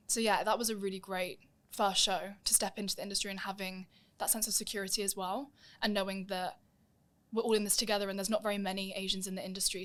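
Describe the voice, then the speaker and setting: Fast-talking young woman. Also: medium pitch. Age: young adult. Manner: lively, acts out quoted voices while telling stories. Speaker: guest, musical theatre performer. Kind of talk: casual interview storytelling.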